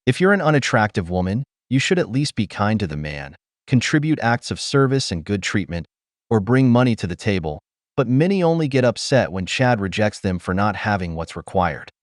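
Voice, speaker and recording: A man's voice: fairly low pitch, sing-song, a little fast, dry recording, clean studio sound. A man giving blunt, lecturing opinion commentary as a voice-over, talking straight to his viewers. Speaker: commentary channel host.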